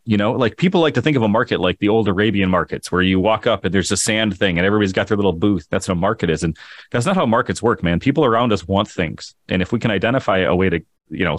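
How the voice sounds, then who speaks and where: Man, podcast host, quick and animated, low voice, dry close sound, enthusiastic storyteller. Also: no room sound. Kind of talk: casual podcast chat.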